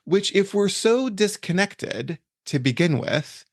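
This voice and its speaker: A man's voice: high voice, lively intonation, slow pace, creaky, no echo, studio quality. A man hosting a podcast interview, speaking passionately and emphatically, often repeating himself for weight. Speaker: podcast host, event planner. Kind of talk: conversational interview.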